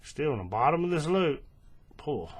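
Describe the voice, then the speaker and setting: A man hosting a hands-on crafting tutorial, explaining each step in a relaxed way, checking in with the viewer and correcting himself as he goes, recorded at a table on the camera's own mic. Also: on the high side, moderate pace, breathy edge. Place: indoors at a table, working close to the camera.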